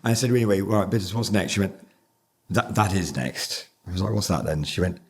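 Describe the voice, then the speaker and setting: A man's voice: deep voice, rapid-fire, darkish tone, slightly rough. An older man in casual chat as a podcast guest, swearing freely and laughing often. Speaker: podcast guest, brand founder.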